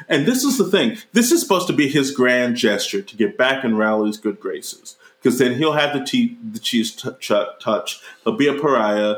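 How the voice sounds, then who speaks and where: A man talks through a movie in loose, profane chat, springing into high, mocking voices for the characters he quotes. His voice sits at an ordinary pitch for a man. The room around him adds a noticeable echo. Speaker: podcast co-host reviewing a movie. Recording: roomy echo.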